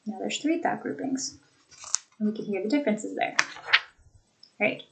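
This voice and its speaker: A young woman teacher reviewing a class lesson, speaking deliberately and demonstrating example sentences. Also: mid-range voice, vocal fry, darkish tone, rough recording. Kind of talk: lecture recap for students.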